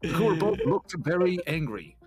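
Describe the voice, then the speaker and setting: A man co-hosting a comedic gameplay chat, mockingly reading a story aloud in halting starts. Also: fairly high pitch, very animated, loud music behind the voice.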